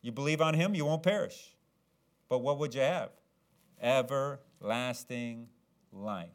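A man preaching a sermon, swinging from low, earnest tones to loud, dramatic, acted-out shouts. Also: a little slow.

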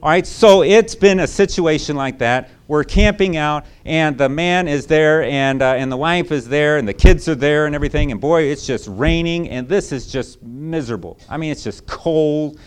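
Male preacher, slightly high voice, chatty and emphatic sermon delivery. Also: moderate pace, few pauses, smooth. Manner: emphatic, conversational, repeating rhetorical asides. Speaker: pastor.

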